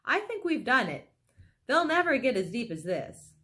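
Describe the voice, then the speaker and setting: A woman's voice: a little high, big pitch swings, moderate pace, pushed and bright, pitched above the performer's own voice. Storybook role: clever male fox, proud dad, relieved and smug, voiced by a woman reader. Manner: relieved, pleased with himself. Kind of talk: storybook reading.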